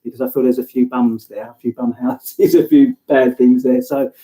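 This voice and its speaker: A man's voice: mid-range voice, level tone, moderate pace, warm tone. A man co-hosting a livestream, giving psychic readings in a casual, rambling way. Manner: casual, rambling, many fillers. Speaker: psychic medium co-host. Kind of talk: live psychic reading chat.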